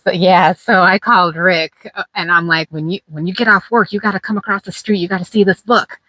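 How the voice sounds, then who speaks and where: A woman's voice: fairly low pitch, steady tone, fairly quick, bright, forceful tone, dry recording, poor audio. A middle-aged woman casually telling stories with lots of fillers and laughs. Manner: chatty, laughing, many fillers. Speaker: host. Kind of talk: casual storytelling chat.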